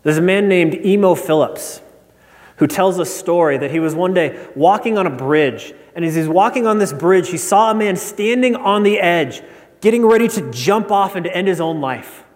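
A man's voice: expressive, normal speed. A man preaching a sermon as pastor, telling stories in an engaged, conversational way. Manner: storytelling, acts out a joke with rising pitch. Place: church sanctuary. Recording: long hall reverb.

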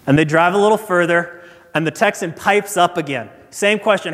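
A man preaching a sermon as pastor, telling stories in a relaxed, conversational way. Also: high-pitched, moderate pace. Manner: conversational storytelling. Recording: echoey hall reverb.

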